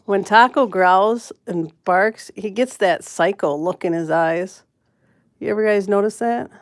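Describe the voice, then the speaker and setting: A woman's voice: medium pitch, measured pace, no room sound. Chatty woman streaming from home, dry sound. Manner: chatty, rambling storyteller who laughs often. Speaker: host of a pet channel live stream. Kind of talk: casual live-stream chat, telling a story and greeting viewers. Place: at home with her pets.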